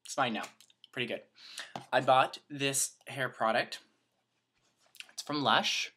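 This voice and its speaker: A man's voice: mid-range voice, takes it slowly, pushed and bright, slightly rough. A young man from Canada chatting to camera in a rambling, self-mocking vlog. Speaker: vlogger. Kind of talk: casual chat to camera.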